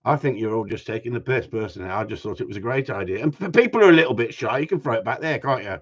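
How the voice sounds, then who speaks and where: A man's voice: medium pitch, animated, very fast, husky. A man, hosting a casual live stream, reading out viewer comments and teasing his audience with jokes and mild swearing. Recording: dull lo-fi sound.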